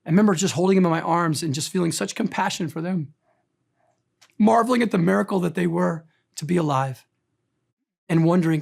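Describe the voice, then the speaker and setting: A man's voice: high-pitched, fairly quick, vocal fry, pauses often, a little mellow. A middle-aged pastor preaching to his congregation in a church. He tells personal stories with emphatic, heartfelt delivery, pressing hard on key words. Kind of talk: sermon.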